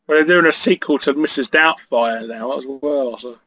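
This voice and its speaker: A man as an interview guest, trading deadpan, mock-menacing jokes in casual chat. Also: medium pitch, normal speed, rough recording.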